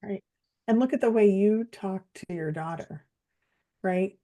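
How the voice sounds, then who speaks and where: A woman's voice: medium pitch, measured pace, dark tone. A woman co-hosting a casual podcast, supportive and asking coaching questions. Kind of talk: casual chat.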